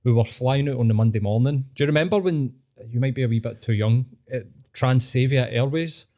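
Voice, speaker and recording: A Scottish man hosting a podcast, telling sweary, animated stories in casual chat. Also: mid-range voice, fairly quick. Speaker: podcast host.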